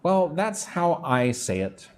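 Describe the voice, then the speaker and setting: An American man teaching English on a live stream, speaking slowly and clearly, repeating words for practice and greeting viewers from the chat. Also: on the high side, big pitch swings, a little mellow. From United States.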